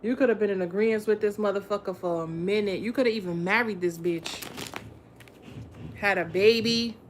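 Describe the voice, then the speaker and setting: A tarot reader, a woman with a medium-pitched voice and a moderate pace, gives a casual reading while talking directly to her viewers. She's blunt and full of profanity and slang, and there's a slight hiss or hum on the recording.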